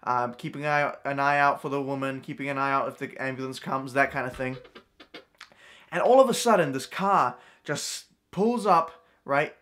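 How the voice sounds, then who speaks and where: A man's voice: mid-range voice, moderate pace, a bit bright. A young man vlogging a true story at home, rambling with lots of fillers and restarts. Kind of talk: storytime vlog.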